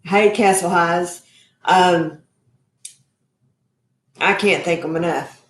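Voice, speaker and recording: A woman's voice: lowish voice, fairly even intonation, slow pace, reverberant. A woman hosting a live cooking stream from her home kitchen, chatty and effusive, calling her viewers y'all. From Texas. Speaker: cooking show host.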